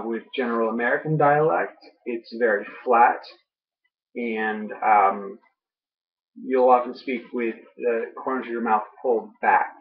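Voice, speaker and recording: A young man vlogging casually, groggy after dental work, rambling with many ums and uhs. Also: mid-range voice. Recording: muffled lo-fi home audio.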